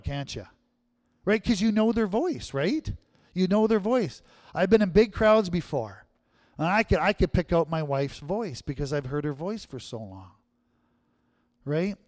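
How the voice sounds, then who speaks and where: A man's voice: sits high, lively intonation, measured pace, a little mellow, no echo, studio quality. A male pastor giving a sermon in a conversational way, often checking in with the audience. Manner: conversational, keeps asking the audience "right?".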